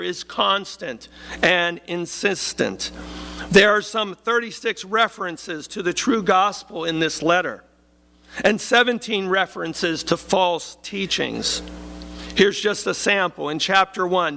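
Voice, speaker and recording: A man preaching a sermon in a measured, emphatic way, slowing down to stress key phrases. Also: sits high, gravelly, bright, forceful tone.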